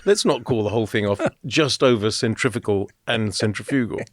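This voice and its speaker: A man's voice: fairly low pitch, fairly quick. A man co-hosting a motor racing podcast, telling stories in a chatty, rambling way with fillers. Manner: chatty, storytelling, with fillers and laughs. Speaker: podcast co-host. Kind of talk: casual podcast chat.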